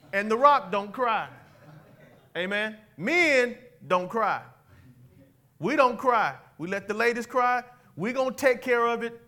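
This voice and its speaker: High-voiced, bright preaching man. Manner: animated, call-and-response with the congregation; conversational preaching with humor. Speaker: pastor. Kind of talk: sermon.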